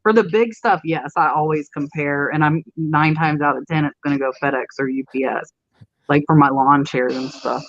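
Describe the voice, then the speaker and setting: A woman's voice: sits low, steady tone, moderate pace, dry recording. Chatty woman on a dull lo-fi line. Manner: chatty, lots of "like" fillers, reads viewer questions. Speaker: host. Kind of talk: casual chat on a live stream. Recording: dull lo-fi call line with glitches.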